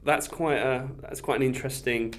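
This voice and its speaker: A man's voice: medium pitch, steady tone, moderate pace. A man co-hosting a podcast, thinking aloud about a film in a hesitant way, with many fillers and trailing phrases. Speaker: podcast co-host. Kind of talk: casual film discussion.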